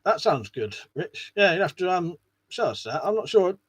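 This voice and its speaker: A man's voice: high-pitched, sing-song, normal speed, husky, dry recording. A man hosting a casual live stream, chatting to viewers in a rambling way and swearing now and then. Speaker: live stream host reading chat.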